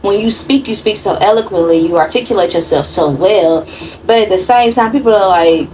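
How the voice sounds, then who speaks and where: A woman's voice: mid-range voice, a little fast, darkish tone, slight background noise, low-quality recording. A woman giving a casual tarot reading in a blunt, profane and slangy way. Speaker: tarot reader.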